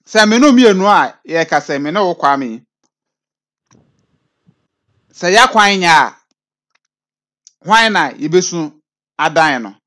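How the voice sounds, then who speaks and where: A man's voice: high voice, expressive, a little slow, pauses often, sharp tone. A man hosting a casual online video chat, asking his co-host leading questions.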